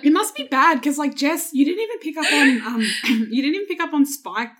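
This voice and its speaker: A woman's voice: sits high, lively intonation, a little fast, a bit bright. A woman co-hosting a podcast, thinking aloud casually with many fillers. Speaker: podcast co-host. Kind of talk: casual chat.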